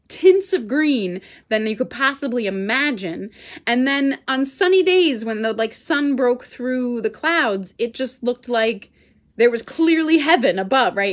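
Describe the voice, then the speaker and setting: Brief: lively female Pilates instructor, high voice, chatty storytelling to a class. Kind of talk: telling a story during a workout class.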